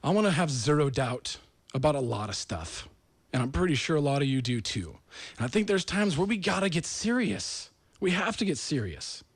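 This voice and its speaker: A man's voice: fairly high pitch, sing-song, moderate pace, slightly rough, dry recording. A man from the United States hosting a talk show, delivering an earnest, rambling monologue that turns emotional. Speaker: host.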